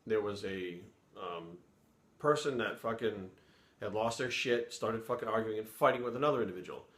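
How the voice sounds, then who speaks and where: A man's voice: fairly low pitch, normal speed, a bit bright. A middle-aged man from Rhode Island, a former police sergeant, telling a story in a blunt, heavily profane, casual way. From Providence, Rhode Island. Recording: roomy echo.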